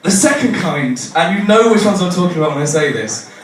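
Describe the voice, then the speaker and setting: On a comedy stage, a young Englishman with a high, brisk voice runs through self-deprecating stories, slipping into voices for the people involved. His audience laughs, and the recording is distant, noisy, and full of room echo.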